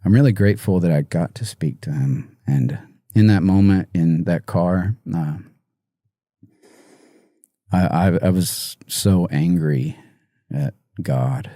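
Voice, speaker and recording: A man guest on a podcast interview, talking haltingly with many fillers and restarts, emotional and choked up. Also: deep voice, warm tone, no room sound, studio quality. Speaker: musician guest.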